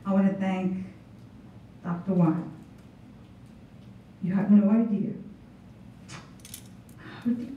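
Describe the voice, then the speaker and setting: A woman's voice: mid-range voice, slow pace, long pauses, slight background noise. A woman in her thirties giving an emotional, unscripted thank-you speech as a student honoree. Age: 30s. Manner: heartfelt, emotional. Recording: echoey hall from far off, dull.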